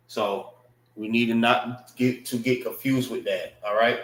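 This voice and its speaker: A man teaching a class, explaining slowly, repeating words and checking with his listeners. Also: mid-range voice, steady tone, fairly bright tone, reverberant. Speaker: class instructor. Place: indoor classroom.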